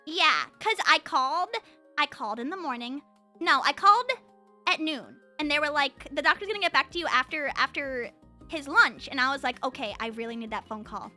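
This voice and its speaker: A young woman chats away on a livestream, her voice high and very bright, leaping up and down in pitch. She rambles freely, full of "like" and stumbling restarts, over faint music in the background. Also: animated, a little fast. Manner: rambling, frequent fillers and repeated restarts. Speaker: streamer. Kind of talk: casual livestream chat.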